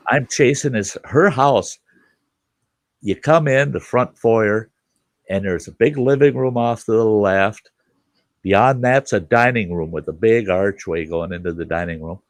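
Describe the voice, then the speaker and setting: Telling a story full of laughter and curses, an older podcast host keeps the chat casual and animated. His voice is fairly low in pitch, and the recording is dry.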